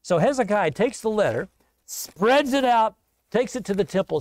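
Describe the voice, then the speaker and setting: A man's voice: sits high, expressive, moderate pace, no room sound. A man preaching a sermon, retelling a bible story in a casual, conversational way. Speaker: pastor.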